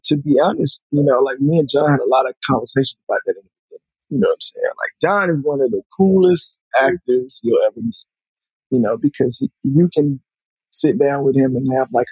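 A man's voice: mid-range voice, brisk, breathy edge, dry recording, rough recording. A man from Alabama with a Southern US accent, a film director chatting loosely as a podcast guest and leaning on lots of fillers. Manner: loose and conversational, lots of "you know" fillers. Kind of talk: casual podcast conversation.

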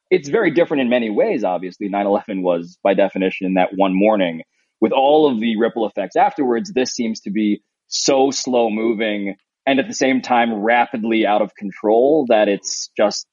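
A husky-voiced man in his thirties from New York talks in a loose, rambling, earnest way, full of "like" and restarts. He sounds short on sleep. The sound is dry and slightly muffled, as if it comes over a remote line. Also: on the low side, brisk, darkish tone, dry recording. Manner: rambling, earnest, many fillers. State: sleep-deprived new father. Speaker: podcast co-host. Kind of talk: casual remote chat.

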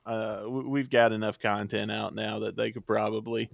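A man's voice: fairly low pitch, flat delivery, normal speed, creaky, dry recording. A man hosting a podcast in casual chat, joking and laughing easily. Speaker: podcast host.

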